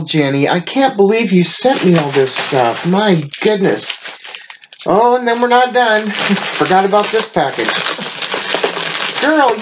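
A woman's voice: lowish voice, noisy background. A woman unboxing a craft mail package and chatting casually, gushing with frequent exclamations and laughs, sounding tired. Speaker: craft channel host.

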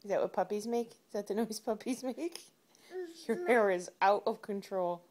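A woman's voice: medium pitch, moderate pace, darkish tone. A woman reading a picture book to her toddler at home, in a playful sing-song baby talk full of animal noises. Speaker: parent.

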